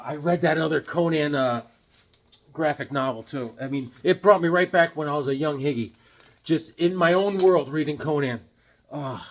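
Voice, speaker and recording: A middle-aged man chatting casually and enthusiastically as he shows off his comic book pickups, cracking jokes along the way. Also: fairly high pitch. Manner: enthusiastic, excitable, joking. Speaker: comic collector vlogger. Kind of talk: casual chat showing comics.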